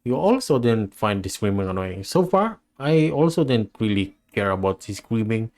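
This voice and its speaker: A man with a somewhat low voice hosts a reaction video. He talks casually and muses out loud. He trails off and restarts often and laughs along the way. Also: very animated, moderate pace. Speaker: reaction channel host.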